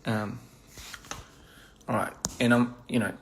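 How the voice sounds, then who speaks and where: A man chatting casually on a live stream during a meal, playful and halting, repeating phrases as he practices pronunciation. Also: mid-range voice, steady tone, vocal fry, a little hiss or hum. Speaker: livestream host. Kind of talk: casual live-stream chat while eating.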